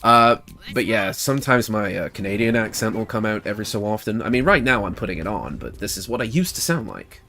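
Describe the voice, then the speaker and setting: A man's voice: fairly low pitch, expressive, fairly quick, bright, forceful tone. A man with a British accent chatting casually while streaming a game, thinking aloud and laughing often. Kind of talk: casual gameplay livestream commentary.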